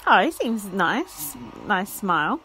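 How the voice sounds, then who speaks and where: A woman's voice: mid-range voice, sing-song, slow, sharp tone, soft background music, rough recording. A young woman hosting a solo podcast, giving blunt, sweary running commentary and laughing at her own jokes. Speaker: podcast host.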